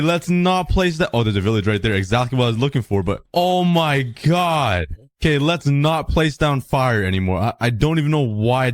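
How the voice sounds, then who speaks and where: A young man commenting on his own gameplay, excitable and quick to laugh, sometimes breaking into shouts. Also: medium pitch, dry recording, clean studio sound. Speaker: Minecraft gameplay creator.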